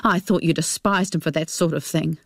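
A woman's voice: low-pitched, fairly even intonation, brisk, gravelly, dry recording, clean studio sound. Woman reading as a bitter grown son. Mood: accusing. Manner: bitter, accusing. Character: resentful grown son, young man.

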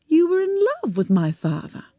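A woman's voice: sits high, very animated, normal speed, warm tone, no room sound, highs cut off, voice pushed up. A woman voicing a puzzled young man who turns defensive, speaking plainly and directly.

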